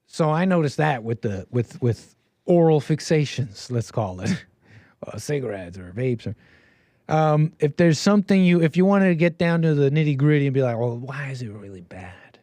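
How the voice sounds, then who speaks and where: A man's voice: on the high side, expressive, normal speed, warm tone, no room sound. A man livestreaming, rambling casually with many repeats and restarts. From Canada. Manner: meandering, repeats words and restarts.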